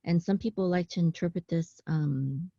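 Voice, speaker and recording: A woman with a somewhat low voice walks learners through a Hebrew passage in a casual online class. She pauses often, corrects herself, and checks in with "okay?". The recording is dull and dry, as if from a small, dead room. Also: vocal fry, mellow, no echo. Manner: halting, with frequent ums, self-corrections and "okay?" check-ins. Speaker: Hebrew teacher. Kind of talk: casual online class, explaining text on screen.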